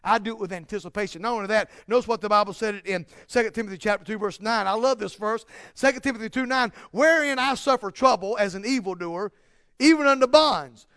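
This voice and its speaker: A man preaching a sermon, building to loud, emphatic peaks and dropping to quiet, slow asides. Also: high-pitched, clear, resonant tone, no echo, studio quality.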